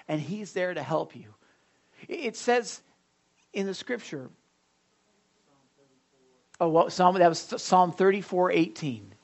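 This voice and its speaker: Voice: mid-range voice, expressive, a little slow, long pauses. A pastor giving a conversational sermon in a church service, often stumbling over and repeating words and asking the congregation questions.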